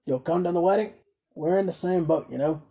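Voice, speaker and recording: A man's voice: fairly high pitch, brisk, slightly rough. A man voicing a scornful, sarcastic middle-aged toy merchant who talks brusquely in a storybook reading. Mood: sly. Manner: brusque, scornful, loud outbursts.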